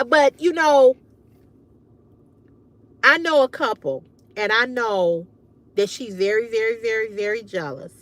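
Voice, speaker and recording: Woman, livestream host; high voice, dry close sound; frank, emphatic, swears freely in casual advice talk. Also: slow, long pauses, a bit bright, no echo. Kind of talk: casual advice chat to viewers.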